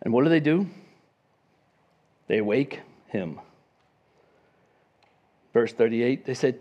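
A man preaching a sermon as pastor, lively, acting out quoted voices. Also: medium pitch, slow, long pauses. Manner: animated, acts out the disciples' voices.

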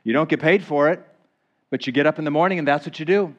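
A male pastor preaching to his congregation, earnest and conversational. His voice sits a little high for a man. He slows down to read scripture with weight and often stops to ask his listeners questions. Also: muffled recording. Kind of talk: sermon.

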